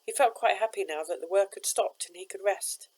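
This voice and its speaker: A woman, a teacher, reading a children's novel aloud with steady, expressive narration. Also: mid-range voice, fairly quick, poor audio.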